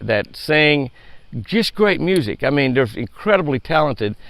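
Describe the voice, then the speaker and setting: A man's voice: fairly high pitch, very animated, unhurried, gravelly, a bit bright, dry recording. A man, a fishing show host chatting casually and upbeat to viewers, repeating words as he goes. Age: 70s.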